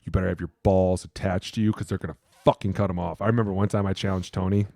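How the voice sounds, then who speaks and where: Male ex-lineman podcast host, swearing storyteller, lower pitch, dry mic. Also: fast, gravelly, no echo. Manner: animated, profane storytelling. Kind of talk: casual sports chat.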